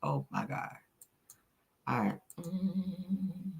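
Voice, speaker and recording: A woman's voice: fairly low pitch, animated, drawn-out words, vocal fry, husky. A woman hosting a casual celebrity gossip livestream, talking sassily to her chat and peppering her talk with "honey" and "child".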